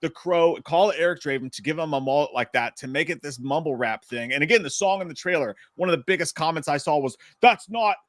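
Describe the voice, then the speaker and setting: A fairly high-voiced man rants about movies in a loose, heated, profane way, dropping now and then into mocking put-on voices. The sound is dry and close to the mic, with almost no room around it. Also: fast, hardly any pauses, no room sound. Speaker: podcast co-host. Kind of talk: casual ranting chat.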